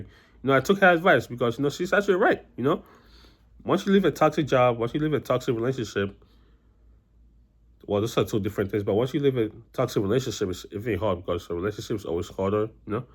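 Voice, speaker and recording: A young man talking straight to his audience in a loose, rambling vlog. He rattles along at a quick clip, circling back with restarts and filler words. His voice sits at an ordinary middle pitch. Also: husky. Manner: rambling, many restarts and "you know" fillers. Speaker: vlogger. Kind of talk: casual personal storytelling to camera.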